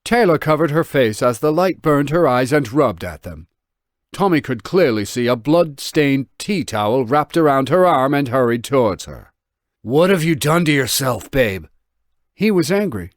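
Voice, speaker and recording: A man reads his own novel for an audiobook, delivering the narration expressively and voicing the dialogue. His mid-range voice moves at a moderate pace in a clean studio recording free of echo.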